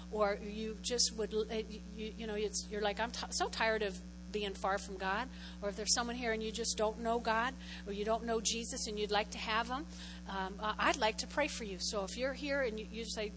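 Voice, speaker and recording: A woman pastor giving a conversational sermon in a church, often checking in with "okay?", and moving from loud prayer to a soft invitation. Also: fairly high pitch, fairly even intonation, moderate pace, background noise. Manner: conversational, repeats phrases, frequent "okay?" check-ins. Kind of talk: sermon with altar call.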